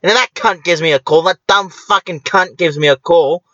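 A man's voice: on the high side, moderate pace, pushed and bright, dry recording, dull audio. Foul-mouthed rambling man. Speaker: podcast host. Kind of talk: crude comedic monologue.

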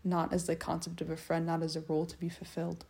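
A woman's voice: low-pitched, monotone, quick pace, gravelly, a little mellow, slightly rough. A young woman rambling through a personal monologue, musing and self-mocking as she talks in loose circles. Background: people faintly heard in the hallway.

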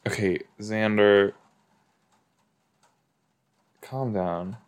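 A man's voice: on the low side, fairly even intonation, extremely slow, smooth. A man hosting a podcast, reacting aloud with gushing exclamations and laughs while watching a TV episode. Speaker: podcast host.

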